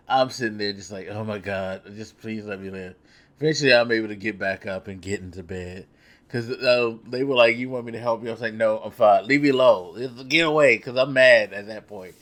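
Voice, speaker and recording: A man's voice: on the low side, a bit bright. A young man vlogging, telling a story in a loose, profane, self-mocking way. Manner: loose, profane, laughing at himself. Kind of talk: casual storytelling.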